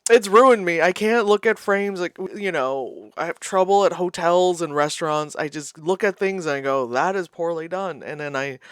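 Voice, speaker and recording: A streamer giving a live reaction to a movie, animated, laughing often, swearing and mocking voices. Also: mid-range voice, dry recording.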